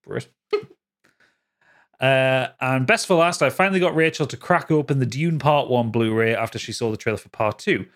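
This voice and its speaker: A man hosting a podcast, chatting casually, laughing often and reading listener messages in an animated way. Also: normal speed. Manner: lively, laughs often, jumps high when reading quotes. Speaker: podcast host.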